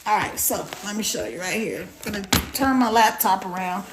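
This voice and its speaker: A woman's voice: medium pitch, animated, a little fast, background noise. A middle-aged woman chatting casually on a live stream, rambling and greeting viewers by name.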